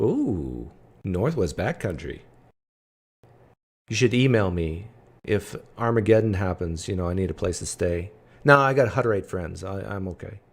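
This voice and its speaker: A man's voice: deep voice, breathy edge. A man hosting a livestream from home, chatting casually and answering viewers' comments aloud. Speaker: livestream host. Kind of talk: casual live chat with viewers.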